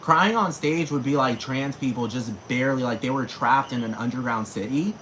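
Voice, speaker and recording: A man's voice: mid-range voice, moderate pace, fairly bright tone, slight background noise, poor audio. A man ranting casually to camera, slangy and profane, with sudden dramatic jumps in his voice. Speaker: vlogger.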